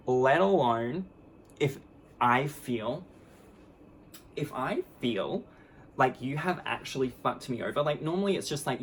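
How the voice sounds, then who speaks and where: A woman's voice: very deep voice, a little hiss or hum. A woman vlogger ranting to camera in a casual monologue, blunt and profane, with sarcastic, mockingly sweet asides.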